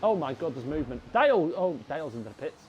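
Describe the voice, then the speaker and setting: A young man giving live sim racing commentary, chatty and excitable, talking to his viewers as lads. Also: a little high, fast talker, slight background noise, poor audio. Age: young adult. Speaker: race commentator.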